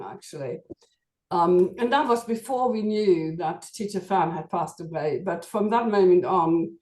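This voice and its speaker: A woman's voice: lowish voice, darkish tone. Emotional woman on an echoey video call. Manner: halting, emotional, many fillers. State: voice shaky with emotion. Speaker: qigong student at a memorial meeting. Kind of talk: emotional tribute.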